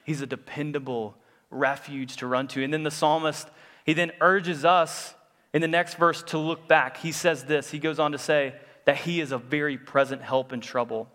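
Young guy preaching casually, bright voice, pitched a bit high, long hall echo. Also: fairly even intonation, normal speed. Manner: conversational, many fillers and restarts. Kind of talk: sermon with personal story.

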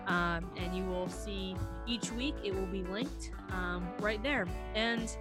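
A young woman co-hosting a casual sports podcast, talking in an animated, emotional way as a frustrated fan. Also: medium pitch, slow, over loud music. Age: young adult. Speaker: podcast co-host.

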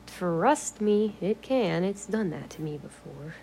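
A woman's voice: lowish voice, animated, takes it slowly, warm tone, a little hiss or hum. A woman vlogging at home in a casual, rambling way, swearing freely, laughing often and drifting into whispers.

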